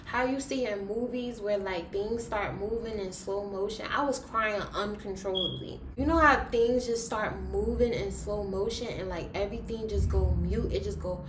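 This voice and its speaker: Animated young woman telling a story. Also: mid-range voice, moderate pace, hardly any pauses, slight background noise. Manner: animated, dramatic retelling with big swings in loudness. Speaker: vlogger. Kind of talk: casual storytime. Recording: roomy echo.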